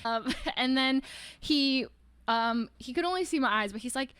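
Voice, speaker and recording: A young woman livestreamer in her twenties telling a story in casual, rambling chat, full of "like" and quick laughs. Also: high voice, a bit bright, clean tone, dry recording.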